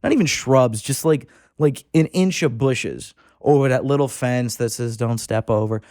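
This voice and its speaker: A man's voice: medium pitch, normal speed, a little mellow, dry recording, clean studio sound. Man telling a rambling fishing story. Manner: rambling, profane anecdote-telling with frequent restarts. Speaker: podcast guest, fishing club member. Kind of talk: casual storytelling.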